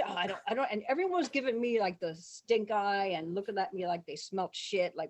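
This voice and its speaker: A woman casually telling a story, acting out the people she quotes, shouting their lines, laughing and swearing freely. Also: medium pitch, moderate pace. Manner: animated, acts out quotes with big shouts. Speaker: guest telling stories.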